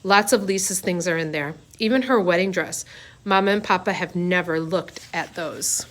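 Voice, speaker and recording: A woman reading a story aloud, voicing a brave young girl who speaks softly and reassuringly. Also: on the low side, moderate pace, lightly acted. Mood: gentle. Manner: soft, reassuring.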